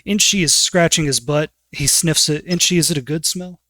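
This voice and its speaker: A man's voice: a little high, normal speed, pushed and bright, no room sound. A man running a tabletop game as game master, narrating scenes in a casual, descriptive way.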